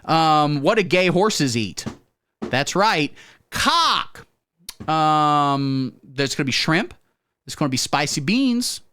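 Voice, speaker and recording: Lively deadpan man doing satire. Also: measured pace, dry recording. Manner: deadpan absurd jokes, sudden pitch jumps, profane. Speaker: comedy host. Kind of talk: satirical comedy monologue.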